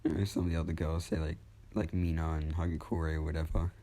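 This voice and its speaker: A man's voice: extremely low pitch, level tone, fast talker, dark tone. A man telling a fan story off the cuff, rambling casually and correcting himself as he goes.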